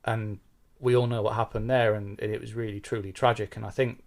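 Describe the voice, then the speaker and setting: Middle-aged man, low-ish register, frank and self-deprecating interviewee. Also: level tone, a little fast, darkish tone. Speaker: podcast host being interviewed, bass player. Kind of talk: candid conversational interview.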